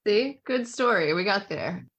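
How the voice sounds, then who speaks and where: A woman's voice: mid-range voice, expressive, unhurried, fairly bright tone, breathy edge. A woman hosting a casual podcast chat who laughs often and gives short, upbeat reactions. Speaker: podcast host.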